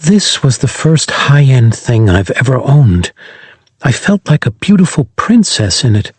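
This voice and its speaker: A male narrator voicing a tough warrior princess speaking softly and wistfully in a science fiction audiobook. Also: mid-range voice, sing-song, a little slow, husky, no echo. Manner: soft, wistful delivery.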